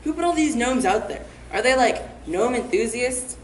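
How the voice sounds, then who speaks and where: A young woman rambles through a comic stage monologue, slangy and deadpan in her bragging. Her voice sits a little high. The room is echoey, with a faint hiss underneath. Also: moderate pace. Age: teens to young adult. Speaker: student performer.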